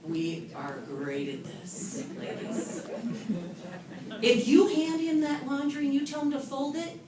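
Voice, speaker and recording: A woman from California gives a humorous motivational talk to an audience, telling stories about herself with a lively, self-mocking manner. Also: sits high, takes it slowly. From California, USA. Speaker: author and event speaker. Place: event hall with an audience. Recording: echoey room from a distant mic with noise.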